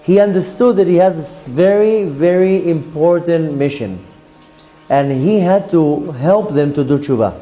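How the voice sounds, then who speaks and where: A man's voice: a little high, animated, unhurried, warm tone. A man, a rabbi giving a Torah lesson as a story and acting out the characters' lines.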